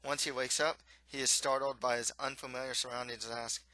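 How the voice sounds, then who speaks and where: A man reading his own children's-style novel aloud, in steady, plain storybook narration with occasional slips. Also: mid-range voice, fairly quick, no room sound, poor audio.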